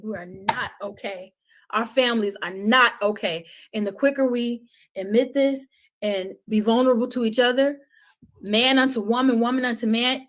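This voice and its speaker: Middle-aged woman preaching on a podcast, kinda high voice, fired up then goes quiet and heavy. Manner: impassioned, preachy, drops to soft intensity. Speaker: podcast guest. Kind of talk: passionate conversational talk.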